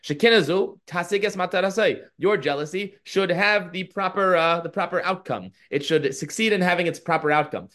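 A man teaching a podcast lesson, reading Hebrew and Aramaic lines and translating them with lively storytelling. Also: high-pitched, moderate pace, hardly any pauses. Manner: lively storytelling of the Talmud passage. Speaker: Torah teacher.

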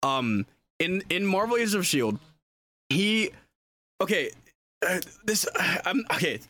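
A young man chatting casually as a podcast co-host, excitable and rambling, full of fillers and restarts. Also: high voice, measured pace. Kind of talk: casual chat.

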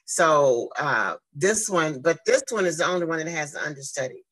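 Animated woman in her fifties. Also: moderate pace, poor audio. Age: 50s. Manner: animated, acts out quoted exchanges with big swings in pitch. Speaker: guest speaker and advocate. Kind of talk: casual storytelling in conversation.

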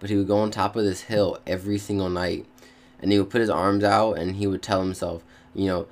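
A young man with a very deep voice talks straight to his viewers in a relaxed, meandering way. His speech is slangy and full of fillers, restarts and self-corrections. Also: fairly quick. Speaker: vlogger. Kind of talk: casual rambling monologue.

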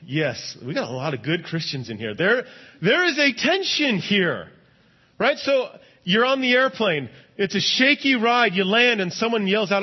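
A pastor preaching a sermon to a congregation in a church, animated and often asking them "right?". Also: male voice, high-pitched, moderate pace, slightly rough, muffled recording.

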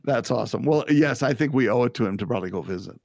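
A man's voice: medium pitch, lively intonation, racing, vocal fry, a little mellow, no room sound, studio quality. A middle-aged man co-hosting a podcast in casual chat, jokey and teasing. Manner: jokey, teasing, laughs often. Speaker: podcast co-host.

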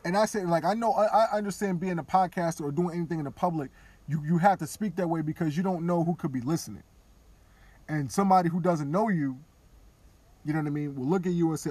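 A man podcasting, talking candidly and casually, now and then dropping into quiet mock voices of others. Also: high-pitched, animated, a little fast, husky, dry recording. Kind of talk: casual opinion talk.

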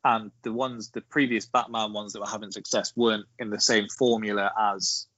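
A man co-hosts a casual film podcast, sharing trivia and measured opinions. His voice sits a little low. The sound is dull and lo-fi, with no room in it. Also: little pitch movement, sharp tone, dry recording. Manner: measured, explains with trivia and asides. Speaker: podcast co-host.

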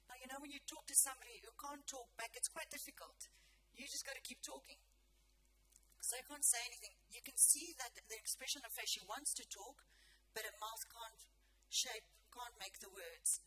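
A woman's voice: on the high side, brisk, background noise. A woman preacher, sharing a testimony in an earnest, emotional sermon. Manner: earnest and emotional, often dropping to a hush.

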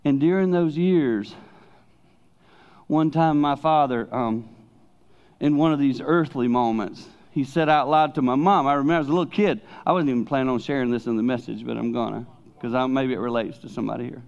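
An older man preaching a sermon, swinging between loud emphasis and hushed, personal asides. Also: medium pitch, fairly quick, creaky. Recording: dull lo-fi recording.

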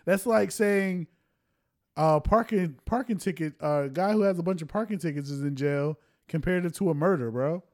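Man, a bit high-pitched, blunt, profane, casual podcast chat. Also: moderate pace. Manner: blunt, profane, says bruh often. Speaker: podcast co-host.

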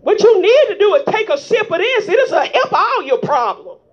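A woman's voice: very high-pitched, big pitch swings, moderate pace. A woman preacher voicing a mocking worldly scoffer who taunts churchgoers, in a dull lo-fi recording. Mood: taunting. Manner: taunting, jeering.

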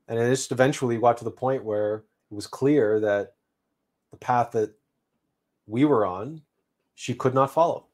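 A man hosting a livestream, telling a personal story in an unhurried, reflective way with frequent restarts. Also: mid-range voice, a little mellow. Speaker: livestream host.

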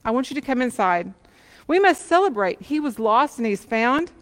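A woman's voice: a little high, normal speed, long reverb tail, voice pushed up. A woman voicing a joyful, eager father welcoming his lost son home, calling out urgently and pleading. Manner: urgent, pleading, excited calls.

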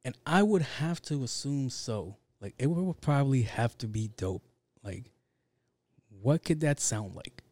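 A man's voice: mid-range voice, animated, measured pace, darkish tone, no room sound. A man hosting a podcast alone, talking casually in a rambling way with lots of fillers and swearing. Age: adult with kids. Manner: rambling, profane, heavy with fillers. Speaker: podcast host. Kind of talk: casual solo podcast chat.

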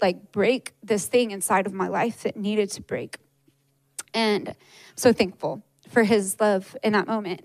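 A woman's voice: mid-range voice, no echo, rough recording. A young woman giving a personal testimony at church, talking in a conversational way with many fillers. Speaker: church speaker sharing a testimony.

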